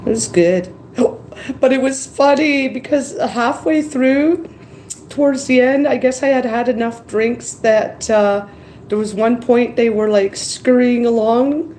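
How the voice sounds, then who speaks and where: Woman live-streamer, worn out, slow rambling chat, reads comments aloud, faint background hum. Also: a little high, darkish tone, poor audio. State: tired after crying.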